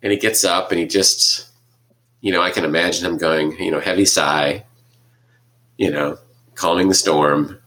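A man's voice: deep voice, steady tone, moderate pace, long pauses, fairly bright tone. A man co-hosting a casual talk on scripture, thinking aloud with frequent restarts and hesitations. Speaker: podcast co-host discussing scripture. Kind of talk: casual conversation.

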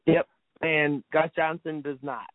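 Male co-host, high voice, heated profane rant, tinny phone-like audio. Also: fairly even intonation, unhurried, no room sound. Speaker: podcast co-host. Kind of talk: casual sports chat. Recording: dry, phone-like sound.

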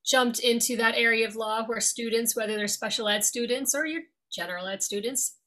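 A middle-aged woman from New York with no regional accent, a lawyer speaking as a guest in an interview in an articulate, friendly, measured way. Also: on the high side, sharp tone. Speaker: guest, attorney. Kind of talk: interview conversation.

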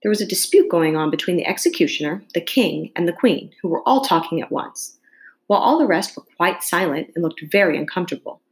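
Female reader with a lowish voice, reading a classic children's tale aloud at an even pace. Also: poor audio. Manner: steady unhurried reading, occasional slips corrected mid-phrase. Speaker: storybook reader.

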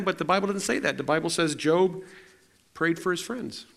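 High-voiced preacher telling stories. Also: male voice, normal speed, vocal fry, fairly bright tone. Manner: conversational and self-deprecating, with frequent restarts. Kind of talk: storytelling sermon.

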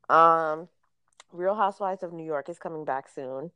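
A woman's voice: on the low side, normal speed, bright, forceful tone, no echo. A young adult woman co-hosting a podcast, gossiping in a blunt, sassy way. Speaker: podcast co-host. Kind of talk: casual chat.

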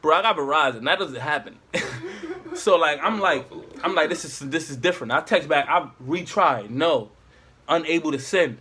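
A man's voice: fairly high pitch, lively intonation, moderate pace, pushed and bright. A young man casually telling a rambling, slangy story to friends.

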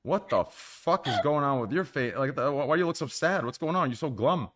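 A man's voice: fairly high pitch, a little fast. A man hosting a casual group video call, teasing his guests with lots of swearing. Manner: profane, teasing, animated. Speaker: host.

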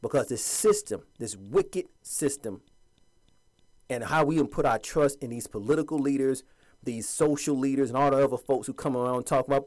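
A commentator addresses his viewers in an impassioned, preachy monologue, at times mocking other people's voices. His voice is mid-range and a little mellow, at a moderate pace.

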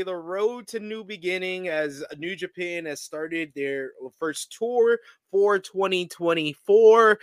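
A man co-hosting a casual wrestling podcast, talking fast and opinionated. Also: fairly high pitch, a bit bright, smooth, dry recording. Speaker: podcast co-host.

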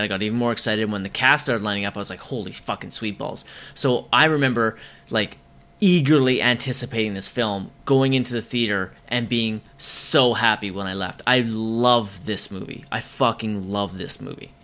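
Man, bright voice, movie podcast co-host, casual chat, excited, swears a lot, frequent ums. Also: lowish voice, moderate pace.

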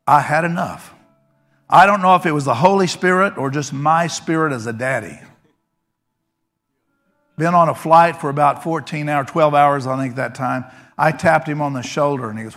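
A middle-aged male preacher with a gravelly, creaky edge to his voice, telling a story like he's chatting and then lifting into fervent prayer. Faint music plays under him throughout. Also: mid-range voice, normal speed, fairly bright tone.

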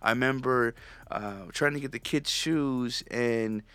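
A man's voice: medium pitch, a little slow, pushed and bright, clear, resonant tone, no echo. A man hosting his own podcast, talking alone in a loose, rambling rant full of swearing and restarts. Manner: profane, ranting, rambling; loose and conversational, frequent restarts. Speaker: podcast host. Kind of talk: solo podcast monologue.

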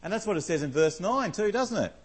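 A man with a high-sitting voice and lively intonation preaches briskly and conversationally. He reads scripture aloud, asks the congregation questions, and fills his speech with fillers. His voice is slightly rough, and the audio is poor.

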